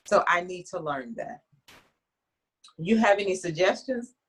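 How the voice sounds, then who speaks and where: A woman author in an interview, telling her story in a chatty, lively way with frequent restarts. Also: fairly low pitch, unhurried, slightly rough.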